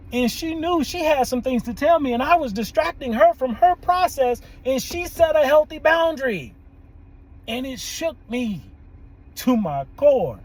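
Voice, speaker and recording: A man, a therapist and podcast host, telling a story in an animated way, often laughing and quoting people. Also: extremely high pitch, rough recording. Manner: animated, laughs often, quotes people in their own voices. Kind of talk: storytelling monologue.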